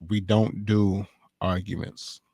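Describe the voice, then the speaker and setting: Laid-back lower-voiced man. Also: level tone, takes it slowly, warm tone, no echo. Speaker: podcast co-host, couples coach. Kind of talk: casual chat and advice.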